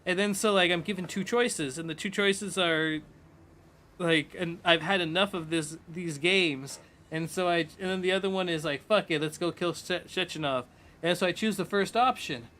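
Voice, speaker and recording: A man with a fairly high, bright voice talks loosely and at length. He swears freely and keeps slipping into quoted lines as he retells a story. It sounds like casual chat from a streamer.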